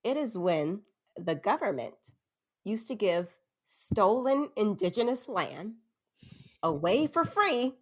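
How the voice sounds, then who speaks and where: With a medium-pitched, sing-song voice and a slow pace, a young woman hosts a casual storytelling podcast full of spooky tales, poking fun at herself and laughing often in the middle of sentences.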